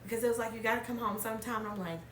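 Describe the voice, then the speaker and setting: A woman's voice: on the high side, steady tone, racing, over a noisy crowd. A woman from Alabama hosting an emotional personal conversation, speaking candidly and wavering between tears and laughter. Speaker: podcast host. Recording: echoey room, mic at a distance.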